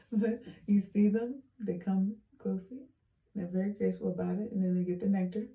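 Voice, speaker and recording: A woman speaking a heartfelt personal message into her hand-held phone, soft and halting with many pauses, close to tears. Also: mid-range voice, roomy sound, lo-fi sound. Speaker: vlogger.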